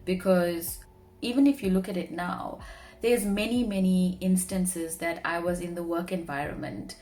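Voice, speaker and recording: A woman's voice: fairly low pitch, fairly even intonation, normal speed, darkish tone. A young woman speaking earnestly to camera in a personal vlog, sharing heartfelt reflections. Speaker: vlogger; marketing professional.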